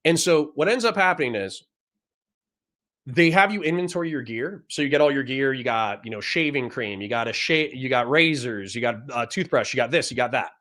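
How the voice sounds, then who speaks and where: A man hosting a livestream, telling a boot camp story in a profane, animated way and repeating phrases for emphasis. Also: mid-range voice, fairly quick. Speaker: livestream host and Marine veteran.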